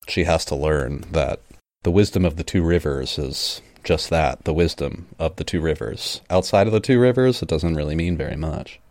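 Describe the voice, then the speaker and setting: A man's voice: rumbling low, normal speed, darkish tone, no room sound, clean studio sound. A man co-hosting a casual book discussion, laughing often and reading passages aloud. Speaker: podcast co-host.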